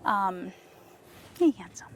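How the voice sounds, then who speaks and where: A woman horse trainer talking casually to viewers while working a horse, coaxing it with soft praise and explaining with enthusiasm. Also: medium pitch, animated, slow, slight background noise. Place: outdoors with a horse.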